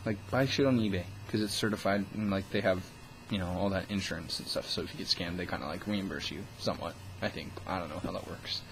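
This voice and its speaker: A man's voice: sits low, fast talker, slight background noise, rough recording. A young man talking into the camera in a casual vlog, ranting with scorn and constant swearing. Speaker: vlogger.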